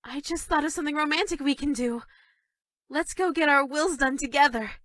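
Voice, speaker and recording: A high-pitched, obsessive schoolgirl for a dating game, bashful and stammering one moment and quietly sinister the next. The recording is dry and close, with no room sound at all. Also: fairly quick, dry recording. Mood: creepy sweet. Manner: shy and stammering, with sudden dark menace. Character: obsessive yandere schoolgirl, sweet but creepy. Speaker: voice actress for a dating game character. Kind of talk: scripted game voice lines.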